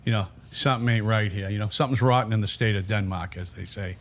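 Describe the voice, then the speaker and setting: A man's voice: lowish voice, steady tone, fast, a bit bright. Streetwise middle-aged man telling prison stories. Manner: streetwise, rambling, swears freely. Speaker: podcast guest, former inmate. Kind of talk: casual storytelling.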